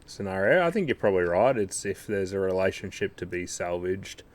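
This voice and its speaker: A man's voice: low voice, sing-song, brisk. A man, co-hosting a podcast and telling stories bluntly with plenty of swearing. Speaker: podcast co-host. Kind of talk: casual chat.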